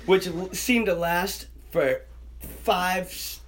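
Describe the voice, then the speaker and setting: A man's voice: high voice, slow pace, a little hiss or hum. A young man telling a wild story in casual chat, swearing constantly and acting out the voices of the people in it. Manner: animated, swears constantly, acts out quoted voices. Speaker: podcast guest storyteller.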